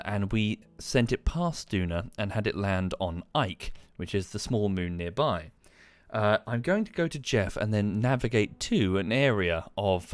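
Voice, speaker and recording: A man's voice: lowish voice, no echo. A man, chatting casually on a live game stream, tired and dry, rambling with frequent ums.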